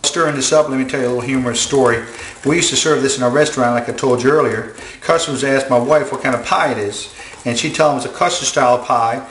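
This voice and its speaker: A man's voice: mid-range voice, fast, fairly bright tone, echoey room, a little hiss or hum, rough recording. A man hosting a home cooking demonstration in his kitchen, talking in a folksy, down-home way as he walks through a recipe. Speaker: chef, cooking show host.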